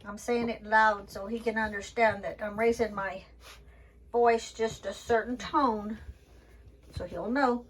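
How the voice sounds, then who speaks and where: A woman vlogging casually from the floor of her home, talking slowly and fondly to her dogs. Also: on the high side, fairly even intonation, husky. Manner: slow, unhurried, talks fondly to her dogs. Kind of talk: casual home vlog chat. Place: indoors at home, sitting on the floor. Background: dogs barking.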